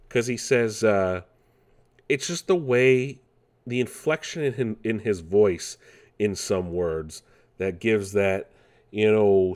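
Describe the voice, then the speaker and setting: A man's voice: fairly low pitch, animated, slow, a little mellow. A man casually hosting gaming news, rambling with many fillers and restarts. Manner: rambling, with frequent fillers and self-corrections.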